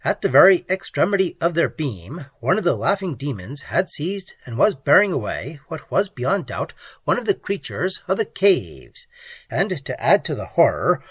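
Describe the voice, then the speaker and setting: A man narrates a story aloud in an expressive, unhurried way. His voice is husky and swings widely in pitch. The recording is dry and close. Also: dry recording. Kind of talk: audiobook narration.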